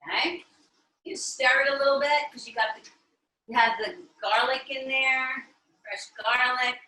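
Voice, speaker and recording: A woman's voice: high voice, fairly even intonation, normal speed, pushed and bright, echoey room, low-quality recording. A middle-aged woman with an Italian-American accent, hosting a live home cooking demonstration and chatting with viewers as she works. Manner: chatty, checks in with viewers often. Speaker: cooking show host. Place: home kitchen.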